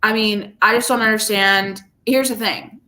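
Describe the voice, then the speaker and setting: A woman co-hosting a casual podcast, with a bright, forward tone. She sounds bubbly and gushing, and she circles back over her words when excited. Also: medium pitch, normal speed. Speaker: podcast co-host. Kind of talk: casual chat.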